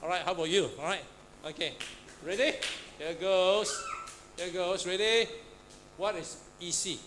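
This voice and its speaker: A high-voiced man at a measured pace teaches a Pathfinder class in a church classroom. He quizzes students, often saying "huh?" and "all right," and the room recording is noisy.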